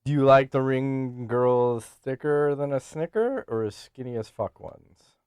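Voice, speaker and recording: A brash, foul-mouthed man co-hosting a podcast. He talks in a middling voice, fast and loose, cracking jokes and laughing often. The close mic is dry, with no room sound. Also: medium pitch, darkish tone, clear, resonant tone, no room sound. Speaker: podcast co-host. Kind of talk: casual chat.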